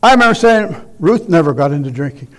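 A man's voice: on the high side, expressive, quick pace. A man preaching as a guest, reading scripture aloud and then driving his points home with emphatic, rising exhortation.

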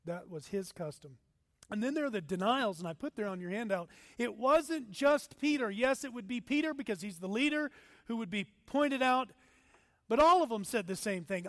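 A man with a high, lively voice preaches a sermon to his church, acting out quotes with big swings between loud and soft. The sound is close and dry, with no room echo. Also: moderate pace. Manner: animated, acts out quotes with shifting loudness. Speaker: pastor.

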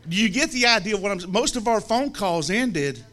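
A man from the American South, telling a humorous story to an audience in a lively, teasing way with comic pauses. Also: high-pitched. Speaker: speaker telling a story about a friend.

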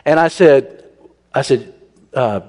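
A man's voice: medium pitch, slow pace. Man telling a story in a reverberant hall. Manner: animated, raises his voice when he quotes people. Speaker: speaker telling a personal story to a congregation. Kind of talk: humorous storytelling sermon. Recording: long reverb in a large hall.

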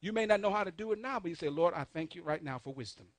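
A man preaching a sermon, calling on the congregation to answer back, swinging between soft asides and loud emphatic peaks. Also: sits high, lively intonation, fast talker, dry recording. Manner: call-and-response preaching, urging the congregation. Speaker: pastor.

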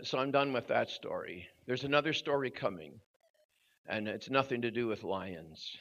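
An older man preaching at a youth service, telling a story with growing drama and shouting at its peak. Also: lowish voice. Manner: animated storyteller, voice rising to shouts at the climax. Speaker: guest preacher. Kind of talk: storytelling sermon. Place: church hall at a youth service. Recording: dull lo-fi recording.

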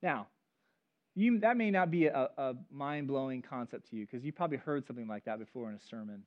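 A man preaching a sermon as pastor, telling stories in an animated, conversational way. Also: mid-range voice, fairly quick. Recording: dull lo-fi recording.

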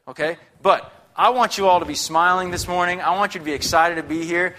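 A man's voice: high voice, quick pace, few pauses, pushed and bright. A young man preaching a sermon in a chatty, upbeat, conversational way, often checking in with the congregation. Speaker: guest preacher.

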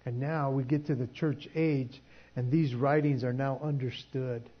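A man's voice: mid-range voice, steady tone, unhurried, highs cut off. A man preaching a sermon in a conversational way, often restarting his sentences. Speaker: pastor.

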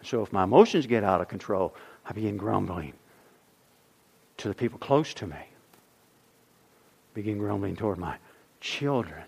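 A middle-aged man preaching a sermon as pastor, swinging from loud emphasis to near-whispers. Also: on the low side, expressive, normal speed, gravelly, long pauses, breathy edge.

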